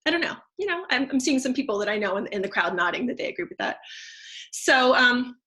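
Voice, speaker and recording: A woman in her thirties tells her story in a loose, chatty way, full of "like" and "um". Her voice sits a little high and rings bright and forward. She sounds effusive and sincere. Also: sing-song, quick pace. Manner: chatty and effusive, many fillers and restarts. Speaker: teacher and essential oils seller. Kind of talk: casual testimonial talk.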